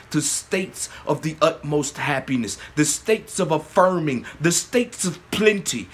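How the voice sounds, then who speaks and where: A man hosting his own channel, giving a spiritual monologue, often asking "yes?", swinging between loud emphatic bursts and low murmurs. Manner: slow, repeating "yes?" often. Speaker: channel host.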